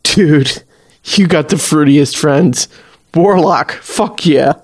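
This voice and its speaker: A man's voice: a little high, slow, breathy edge, exaggerated voice. A man voicing a scrawny, lazy young slacker who swears and talks in a loose drawl.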